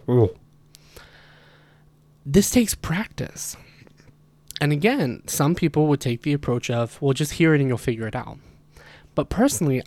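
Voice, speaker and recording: A man's voice: medium pitch, darkish tone, no echo. A man hosting a casual podcast about learning languages, chatty and self-deprecating, who demonstrates sounds aloud as he explains them. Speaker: podcast host.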